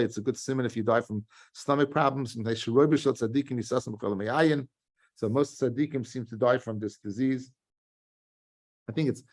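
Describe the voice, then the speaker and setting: A man teaching a Talmud lesson, reading the text aloud and explaining it in quick, restarting spoken English. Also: mid-range voice. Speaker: rabbi teaching daily Talmud page. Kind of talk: Talmud lecture.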